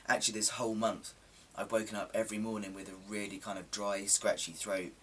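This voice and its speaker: Talking casually to his camera, a male vlogger rambles in a self-deprecating way, full of ums, his lowish voice slightly coarse and sore yet fairly bright in tone. His delivery is flat and a little fast. The mic is a bit distant, picking up faint background hiss.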